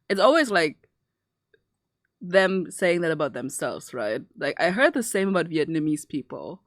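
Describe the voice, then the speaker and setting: A woman's voice: mid-range voice, no room sound, clean studio sound. A young woman with German as her first language, chatting casually and laughing often while she draws on a live stream. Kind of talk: casual chat while drawing.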